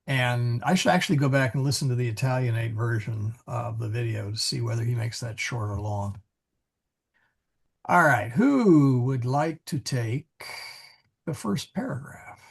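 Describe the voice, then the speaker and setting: Gravelly-voiced man teaching a Latin class. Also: medium pitch, unhurried. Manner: patient, explaining, self-correcting. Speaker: Latin teacher leading a reading group. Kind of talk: casual online class.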